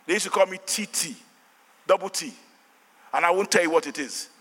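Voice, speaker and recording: High, fervent Nigerian-accented pastor preaching. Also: male voice, a little fast, slightly rough, in a large hall. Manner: fervent preaching with shouted refrains and call-and-response. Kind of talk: sermon.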